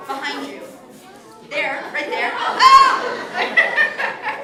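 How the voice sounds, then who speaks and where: Woman telling a story in a big echoey synagogue, high bright voice, jokes with the crowd. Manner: playful, chatty, jokes with audience volunteers. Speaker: storyteller at a Shabbat service. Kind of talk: interactive storytelling to a congregation. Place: large synagogue sanctuary. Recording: echoey hall from far off.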